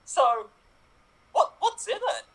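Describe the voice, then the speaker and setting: Improv: a man doing a frantic little boy clownfish, squeaky and slow-talking. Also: sing-song, full character voice, low-quality recording. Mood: outraged. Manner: panicky, indignant, shouting for help. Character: small anxious young male clownfish. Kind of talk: improv comedy scene. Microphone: video call.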